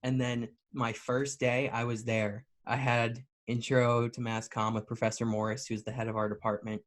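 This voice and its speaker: A young man in his twenties co-hosting a podcast, telling a story in a relaxed, casual way. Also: medium pitch, moderate pace. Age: 20s. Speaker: podcast co-host.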